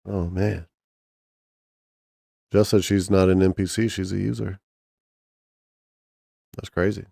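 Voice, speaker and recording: Low gravelly dude rambling on a stream, crude jokes, mellow tone, dry sound. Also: male voice, flat delivery, slow, no room sound. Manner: rambling, crude, joking, many restarts. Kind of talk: casual profane chat with chat and co-host.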